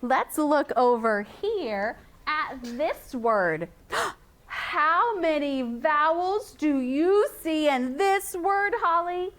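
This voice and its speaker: Woman, classroom teacher, sing-song repetition, high-pitched, drawn-out pace. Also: very animated, fairly bright tone, slight background noise. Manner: slow, sing-song, encouraging, repeats sounds and rules. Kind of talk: phonics lesson to young students.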